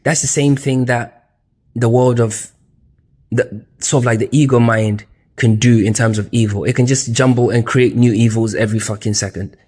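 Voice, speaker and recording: A man's voice: mid-range voice, fairly even intonation, normal speed, warm tone. A man giving a loose, casual spiritual lecture with slang, emphasis, and frequent fillers. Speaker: teacher.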